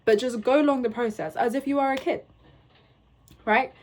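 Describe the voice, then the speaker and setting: A young woman giving self-help advice in a casual vlog, coaching gently and often checking in with "right?" and "okay?". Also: high voice, fairly even intonation, normal speed. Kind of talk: casual advice talk to camera.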